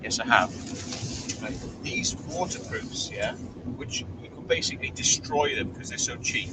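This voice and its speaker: A man's voice: fairly high pitch, wildly swooping pitch, measured pace. A man hosting a casual live stream from inside his car as he drives, chatting and reading out viewer comments. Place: inside a car while driving. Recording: distant mic with loud car noise.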